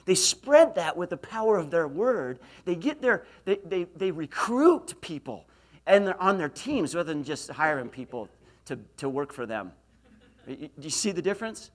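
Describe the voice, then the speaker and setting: Animated man telling stories to an audience. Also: fairly high pitch, normal speed. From Idaho, USA. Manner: storytelling, audience questions, self-deprecating humor. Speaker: motivational speaker. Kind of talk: university lecture talk. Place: university lecture hall.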